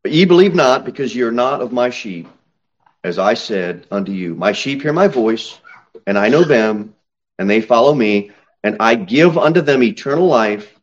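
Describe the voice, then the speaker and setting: A male pastor preaching at the pulpit of a church, reading scripture aloud. He leans on slow, drawn-out stresses and climbs to sudden raised peaks when he drives a point home. His voice sits in a middle pitch, and the recording sounds dull and lo-fi. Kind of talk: sermon.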